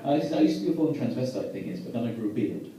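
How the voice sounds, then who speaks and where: A young British man doing a stand-up set, chatting with the crowd and delivering absurd jokes deadpan. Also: medium pitch, very fast, gravelly. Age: young adult. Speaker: stand-up comedian. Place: comedy venue with a live audience. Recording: echoey room from far off. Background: audience laughter.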